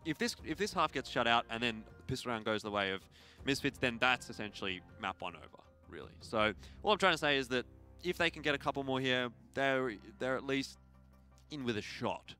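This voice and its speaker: A man giving relaxed, rambling color commentary on a competitive shooter match. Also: medium pitch, brisk, smooth, faint music behind. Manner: relaxed, rambling analysis with fillers. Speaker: esports analyst.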